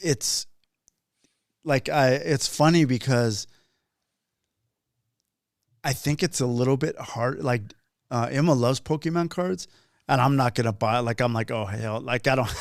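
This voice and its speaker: A man's voice: medium pitch, measured pace, vocal fry, long pauses, dry recording. Male podcast host, mid-range voice, dry close sound, loose and rambling delivery. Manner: rambling, with frequent restarts and fillers. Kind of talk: casual chat.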